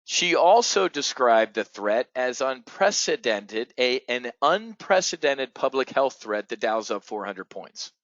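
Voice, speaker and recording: A man hosting a live trading webinar, talking excitedly to his audience, swearing and calling them folks. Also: medium pitch, unhurried, few pauses, no echo, muffled recording.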